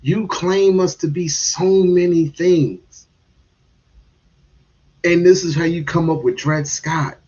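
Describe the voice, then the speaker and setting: A man's voice: a little high, fairly even intonation, slow, long pauses, a little mellow, muffled recording. A man giving heated, casual commentary on a stream, restarting and repeating words as he goes.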